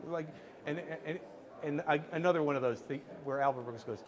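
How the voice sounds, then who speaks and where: A middle-aged man telling a lively behind-the-scenes story to a workshop audience, acting out what people said, with frequent restarts. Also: a little high, fairly quick. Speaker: screenwriter speaking to a workshop audience. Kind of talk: animated storytelling anecdote.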